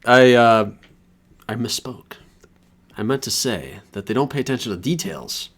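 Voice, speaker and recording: A man co-hosting a stream, easygoing in casual banter and quick to laugh and agree. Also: medium pitch.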